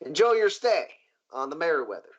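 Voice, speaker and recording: A man's voice: on the high side, big pitch swings, a little fast. A man voicing a polite, genteel riverboat owner who talks in a courteous old-fashioned drawl. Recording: muffled lo-fi recording.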